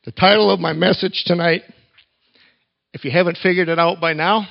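A man preaching to a congregation, telling stories and letting key lines drop to a hush before his voice climbs again for emphasis. His voice sits a touch high. The recording is dull and lo-fi. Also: fairly even intonation, creaky. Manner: storytelling with quiet pauses, rising for emphasis. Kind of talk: sermon with told stories.

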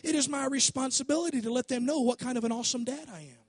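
Middle-aged pastor guy preaching, really high raspy voice, goes quiet then shouts, dry close sound. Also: fast, no room sound. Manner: impassioned preaching that swings from quiet asides to shouts. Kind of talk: sermon.

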